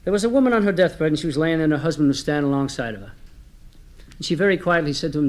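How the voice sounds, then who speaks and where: A man's voice: fairly high pitch, lively intonation, quick pace. A man telling folksy jokes on a comedy record, chatty and homespun, speaking straight to his listeners. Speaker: comedy storyteller.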